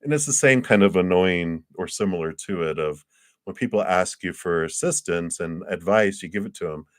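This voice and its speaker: Man, tarot reader, very deep voice, casual chatty live reading, laughs a lot, dry close sound. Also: normal speed, no echo. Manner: chatty, laughs often, acts out quoted people.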